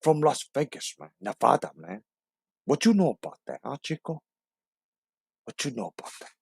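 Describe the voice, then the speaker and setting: A man's voice: fairly high pitch, sing-song, normal speed, gravelly, breathy edge, no room sound, clean studio sound, heavily acted. Man doing Tony Montana, a brash Cuban gangster. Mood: boastful. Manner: brash, taunting, ends phrases with "man". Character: swaggering foul-mouthed male Cuban gangster.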